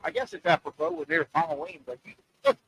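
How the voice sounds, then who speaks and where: Animated gravelly-voiced host joking around. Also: male voice, fairly high pitch, quick pace, poor audio. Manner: animated, jokey, rambling. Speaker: radio show host. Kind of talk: casual radio chat. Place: open-air oyster bar.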